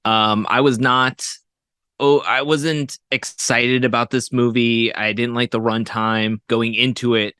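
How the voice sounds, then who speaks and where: A man's voice: medium pitch, flat delivery, unhurried, bright, forceful tone, smooth, dry recording, clean studio sound. Hesitant man reviewing films on a podcast. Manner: hesitant, many fillers and restarts. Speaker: podcast guest co-host. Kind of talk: casual movie review chat.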